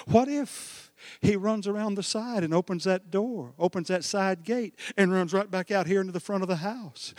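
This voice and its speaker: High-voiced animated preacher. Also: male voice, normal speed, hardly any pauses, no echo, clean studio sound, long reverb tail. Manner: animated storytelling preacher, swings from hushed to shouting. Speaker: pastor. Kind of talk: sermon.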